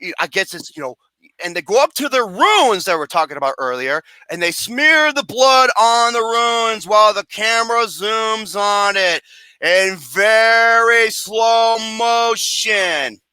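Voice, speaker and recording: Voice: mid-range voice, expressive, unhurried, pushed and bright, clean tone, dry recording. A movie reviewer ranting about a film in a comedic, profane way, mocking and sarcastic, swearing constantly and breaking into laughter.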